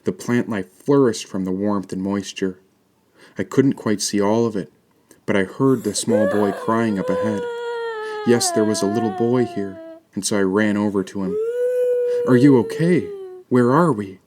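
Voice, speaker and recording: Low-voiced male storyteller. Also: steady tone, heavy background noise. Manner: measured, descriptive storytelling. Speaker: narrator. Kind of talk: first-person audiobook narration.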